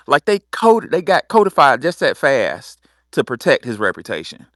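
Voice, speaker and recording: A middle-aged man hosting a talk show, telling stories in a lively way, cussing freely and acting out the people he quotes. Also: mid-range voice, moderate pace, no room sound, studio quality. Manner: animated storytelling with acted-out quotes; cusses freely. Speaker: host. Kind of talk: casual talk show monologue.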